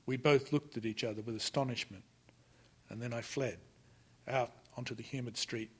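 A man narrating a literary novel in the first person, measured and often sinking to a hush. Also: mid-range voice, steady tone, husky. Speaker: audiobook narrator.

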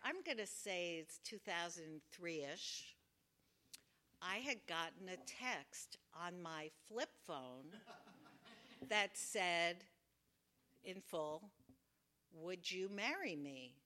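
A woman's voice: fairly low pitch, animated, extremely slow, pauses often, sharp tone. A woman telling a wry, self-deprecating personal story at a live storytelling event, acting out the voices she quotes.

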